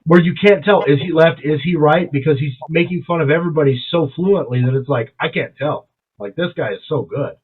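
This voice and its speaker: Husky swearing man, tinny sound. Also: a little high, a little fast. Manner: swearing, rambling, enthusiastic. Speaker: podcast co-host. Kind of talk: casual chat.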